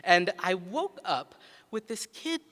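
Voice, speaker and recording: A man's voice: high voice, big pitch swings, slow, fairly bright tone. A man in his forties, a pediatrician and city health director, giving a ceremony speech full of personal stories in a conversational, humorous way with frequent "uh" fillers. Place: large ceremony hall. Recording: echoey hall reverb.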